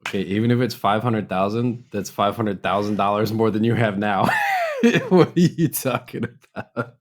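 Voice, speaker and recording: A man's voice: fairly low pitch, wildly swooping pitch, normal speed. A young man co-hosting a podcast, joking and teasing in casual chat and laughing often. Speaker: podcast co-host.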